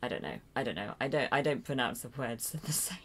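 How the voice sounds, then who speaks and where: A woman with an English accent and a low, deep-set voice chats casually on a home livestream. She rambles and hesitates, tosses in fillers and little self-deprecating chuckles. She sounds close to a desk mic at her computer. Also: very animated, fairly quick, husky. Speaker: livestream host. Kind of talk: casual live chat reading viewer comments. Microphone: desk mic near a loud keyboard.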